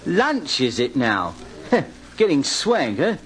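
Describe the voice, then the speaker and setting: An actor playing a poor, folksy drifter who narrates an old-time radio drama. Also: male voice, mid-range voice, huge pitch swings. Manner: folksy, slow-spoken, self-pitying. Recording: hissy old radio recording.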